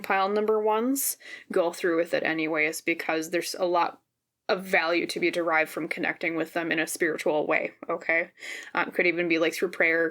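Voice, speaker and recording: A woman giving a pick-a-card tarot reading on camera, gentle and reassuring, often checking in with "okay?". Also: on the low side. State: briefly teary and emotional. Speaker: tarot reader. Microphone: camera mic, seen on camera.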